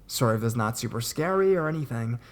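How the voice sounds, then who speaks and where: A young man narrating scary stories in a steady reading voice that rises at the shocking parts. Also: mid-range voice, fast. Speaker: horror story narrator. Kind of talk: scripted horror story narration.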